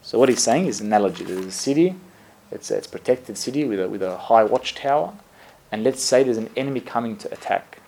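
A fast-talking priest with a creaky, medium-pitched male voice gives a sermon that feels like conversation. He tells easygoing stories, stumbling through fillers and corrections and chuckling at himself often.

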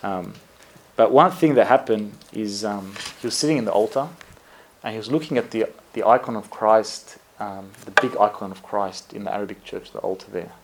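A priest giving a conversational sermon, telling stories in a relaxed way with lots of fillers and self-corrections, often laughing at himself. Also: male voice, fairly low pitch, normal speed, a little hiss or hum.

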